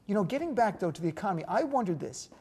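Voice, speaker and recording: A middle-aged man from North Jersey, co-hosting a political discussion, talking fast and animated with jokes. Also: sits high, breathy edge. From North Jersey, USA. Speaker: co-host.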